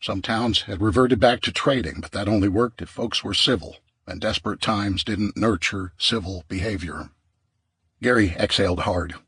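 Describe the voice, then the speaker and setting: A man reading a survival audiobook in a steady, measured narration. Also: fairly low pitch, slightly rough, no room sound.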